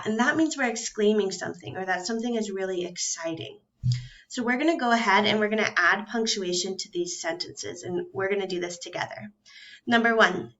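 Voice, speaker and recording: Woman teacher talking slow n clear to little kids, spelling out letters, kinda muffled lo-fi sound. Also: mid-range voice, fairly bright tone. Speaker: first grade teacher. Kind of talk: recorded phonics and grammar lesson for young children.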